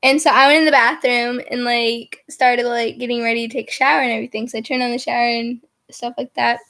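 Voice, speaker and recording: A young woman with a notably high voice chats on camera in a loose, rambling storytime style. She giggles often and strings her story together with filler words, keeping it casual and unpolished. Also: fairly even intonation, fast talker, fairly bright tone. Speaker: vlogger.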